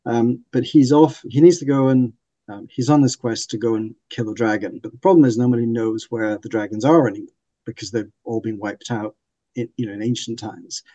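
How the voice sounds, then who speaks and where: Enthusiastic man with a dark, mellow voice. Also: medium pitch, fairly even intonation, a little fast, no room sound. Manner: enthusiastic, laughs often. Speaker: podcast host and book reviewer. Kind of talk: casual book discussion.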